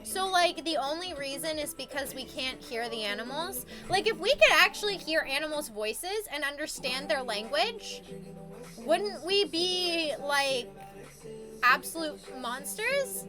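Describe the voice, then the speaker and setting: A woman with a high, animated voice streams live at an unhurried pace, chatting casually with viewers over background music. She rambles, reads chat messages aloud, and swears as she gets worked up.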